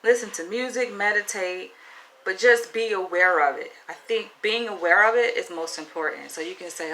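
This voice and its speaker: A woman's voice: mid-range voice, moderate pace, sharp tone, slight background noise, rough recording. A woman with a Southern US accent talking frankly to camera in a casual, chatty advice vlog. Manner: frank, chatty, asks "right?" often. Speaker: vlogger.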